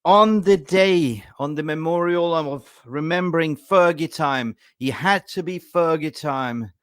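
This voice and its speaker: A man hosting a football fan channel, ranting with excited emotion. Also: on the high side, measured pace, clean tone, no room sound, clean studio sound.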